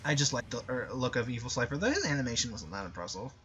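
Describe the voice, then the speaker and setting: A man's voice: medium pitch, lively intonation, fast talker, fairly bright tone, husky, faint music behind. A man giving casual, sarcastic, rambling commentary over a game. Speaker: gameplay commentator.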